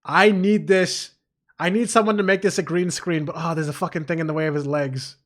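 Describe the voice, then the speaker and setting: A man's voice: a little high, fairly even intonation, brisk. A man streaming a game, chatting casually with a self-mocking tone and frequent swearing. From Canada. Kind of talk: gameplay commentary.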